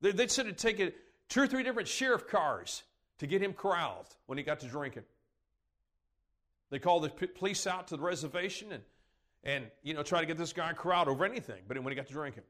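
A man's voice: a little high, lively intonation, fast talker, a bit bright. A man preaching, telling rambling folksy stories and laughing along at them. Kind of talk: sermon storytelling.

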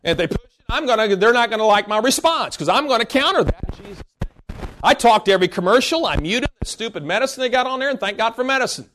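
Male preacher, very high voice, emphatic, scolding sermon, bursts into shouts. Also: expressive, fast, a little hiss or hum.

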